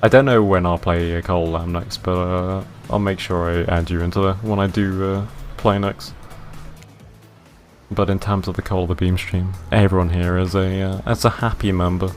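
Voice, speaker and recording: Easygoing low-voiced male streamer. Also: flat delivery, moderate pace, faint music behind. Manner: easygoing, rambling, self-mocking. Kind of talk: casual gameplay commentary.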